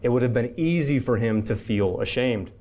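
A man's voice: medium pitch, animated, moderate pace, a little mellow. A man, a pastor, preaching a sermon in an earnest voice, building his points through repeated phrases.

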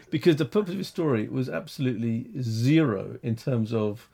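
A man co-hosting a talk show, giving halting, critical opinions with many restarts. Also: medium pitch, vocal fry, warm tone, slightly rough. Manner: halting, restarts, rising when frustrated. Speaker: podcast co-host. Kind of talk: casual critical discussion.

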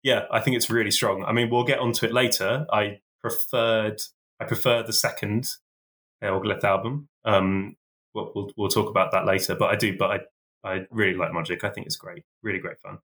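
A man gives his take in a casual podcast chat, hesitant and filled with ums and repeated words. His voice sits rather low. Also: steady tone, fairly quick, a bit bright. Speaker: podcast co-host.

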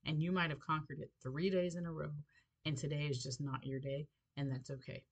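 A middle-aged woman hosting a faith podcast, telling a personal story in an expressive, animated way with light laughs. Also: deep voice, breathy edge, poor audio. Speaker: podcast host.

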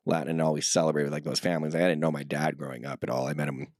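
Very deep-voiced laid-back man in his thirties. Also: level tone, very fast, a little mellow, no echo, studio quality. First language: Spanish. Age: 30s. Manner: laid-back storytelling, heavy filler words and swearing. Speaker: guest. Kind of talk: casual interview conversation.

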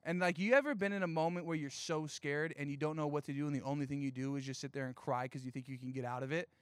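A young man preaching a casual sermon, telling a childhood story in an animated, chatty way with lots of fillers. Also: a little high, quick pace, smooth, no echo. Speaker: youth pastor. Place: outdoor evening gathering.

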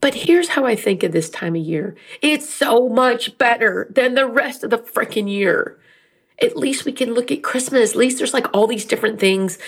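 A middle-aged woman with a husky, medium-pitched voice speaks candidly about faith and grief. Her personal talk is emotional and rambling, and at times she sounds teary.

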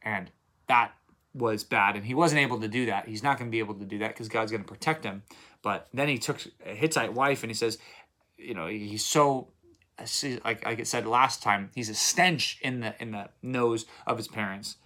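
A man's voice: lowish voice, moderate pace, sharp tone. Man chatting through a Bible reading. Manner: conversational, retells stories in plain modern speech; checks in with listeners, repeats for emphasis. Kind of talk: casual daily Bible commentary.

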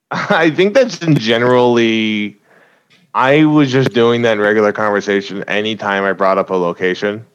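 On a podcast mic, a man who does stand-up chats about his material, laughing frequently and making quick asides between points. His smooth, lowish voice comes through a muffled recording.

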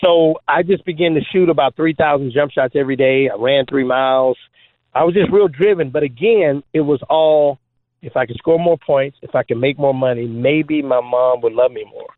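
Animated man telling jokey stories on a phone line. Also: medium pitch, normal speed, no room sound. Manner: joking, animated storyteller with many fillers. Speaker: guest, former trick basketball player. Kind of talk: storytelling interview talk.

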